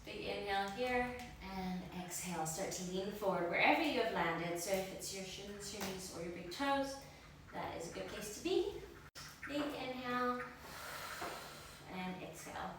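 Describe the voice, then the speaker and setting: A woman's voice: mid-range voice, moderate pace, noisy background. A young woman leading a guided yoga class, cueing breaths and poses in an encouraging way, a little out of breath. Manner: encouraging cues, breath counting. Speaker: yoga instructor. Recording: echoey room, voice from far off.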